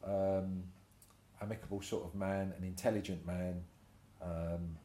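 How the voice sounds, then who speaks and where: A man's voice: sits low, measured pace, a little hiss or hum. An older man, a tattoo artist telling anecdotes in a casual interview, swearing freely and acting out what people said. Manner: swears freely, animated anecdotes with acted-out quotes. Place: room in his tattoo shop. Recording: roomy echoey room.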